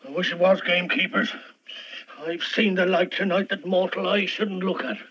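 A drunken Irishman with an Irish accent, rattled and blustering as he insists on what he saw. The voice sits high and bright with a husky edge. It comes through a muffled old film soundtrack. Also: fairly even intonation, normal speed, heavily acted. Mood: shaken. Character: drunken, frightened Irish man in a pub.

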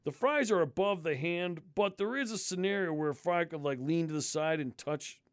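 A podcast host with a voice on the high side speaks at a moderate pace, recorded dry with clean studio sound. In casual chat he tells a disgusted story, ranting animatedly and swearing constantly.

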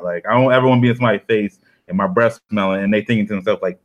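A young man talks in a loose, rambling way, full of slang and jokes at his own expense. His voice sits a little low, and the chat stays casual and unhurried. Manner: rambling, self-deprecating, slangy.

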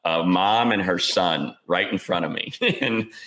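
Lower-voiced man telling a story. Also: measured pace, rough recording. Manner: animated anecdote-teller, acts out quotes. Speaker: podcast co-host. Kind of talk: casual chat, storytelling.

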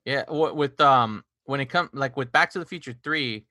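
A young man in casual movie chat who rambles and retells scenes, quick to call himself an idiot. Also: mid-range voice, sharp tone, no echo. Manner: rambling, self-deprecating, recounts scenes with quoted lines.

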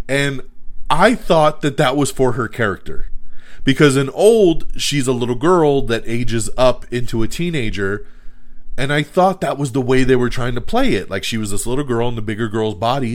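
A man's voice: medium pitch, expressive, normal speed. Hesitant male podcast host rambling reviews. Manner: hesitant, many fillers and restarts. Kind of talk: casual review chat.

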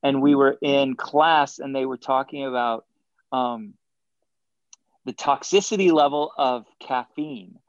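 A man as a guest in a casual interview, telling animated stories and acting out quotes between chuckles. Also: mid-range voice, unhurried, no echo, lo-fi sound. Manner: animated anecdotes, acts out quotes, chuckles often. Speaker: guest athlete.

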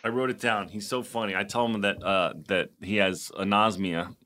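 A man co-hosting a podcast, chatting casually and retelling scenes with lively playacting. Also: lowish voice, moderate pace. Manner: storytelling, acts out scenes, restarts when moved. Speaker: podcast co-host. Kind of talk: casual chat.

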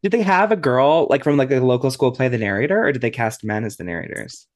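Lively, expressive male podcast host. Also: mid-range voice, fast. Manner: expressive, reads listener questions. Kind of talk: casual interview chat.

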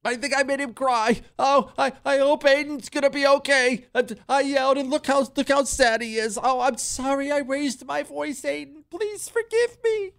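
A man's voice: extremely high pitch, moderate pace, creaky, hardly any pauses, a bit bright, voice pushed up, exaggerated voice. A man putting on the voice of a fretful, hand-wringing young parent who whines and stammers. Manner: whiny, stammering, panicky.

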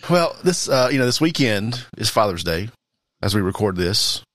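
Male producer, deep voice, dry close recording, low-key joke teller. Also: sing-song, moderate pace, a bit bright, dry recording. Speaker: podcast producer. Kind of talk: casual chat, telling jokes.

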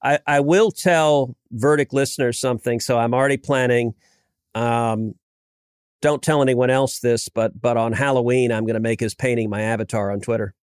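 A man's voice: mid-range voice, steady tone, normal speed, clear, resonant tone, no echo, studio quality. A man in his forties from the United States, a senator chatting as a podcast guest, telling stories with frequent restarts and stammers. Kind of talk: casual political podcast chat.

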